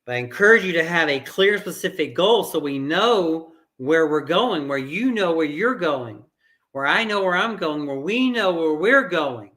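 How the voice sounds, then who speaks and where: Middle-aged guy coaching fitness, bright forceful voice, a bit high, keeps repeating himself for emphasis. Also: animated, moderate pace. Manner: earnest, repeats phrases for emphasis. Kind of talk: motivational fitness talk.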